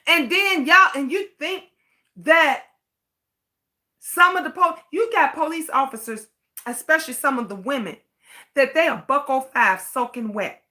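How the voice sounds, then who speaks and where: Middle-aged woman, livestream host, high bright voice, fiery and blunt, swears and repeats herself for emphasis. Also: expressive, measured pace. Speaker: livestream host reading viewer comments. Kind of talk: impassioned livestream rant.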